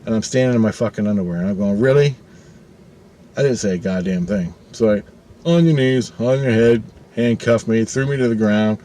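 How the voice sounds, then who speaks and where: A middle-aged man with a lowish voice tells a personal story a little fast and casually. He swears often, stays animated, and acts out the voices he quotes.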